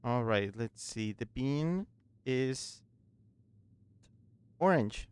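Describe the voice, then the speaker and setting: A man's voice: medium pitch, lively intonation, drawn-out words, a little mellow, clean tone, no room sound. Playful man streaming a game. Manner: playful, goofy asides. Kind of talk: casual gameplay commentary.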